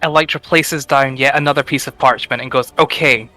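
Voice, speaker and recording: A woman's voice: extremely low pitch, brisk, faint music behind, rough recording. A woman playing a tabletop role-playing game, narrating her character playfully. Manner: playful, lively. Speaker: player.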